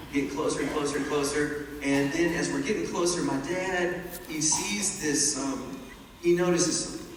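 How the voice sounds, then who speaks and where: Man, animated storyteller, a bit high, distant hall recording. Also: moderate pace, slight background noise. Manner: animated, chatty, laughing at his own story. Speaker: storyteller speaking to an audience. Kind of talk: lively storytelling. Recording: echoey hall from far off, loud ambience.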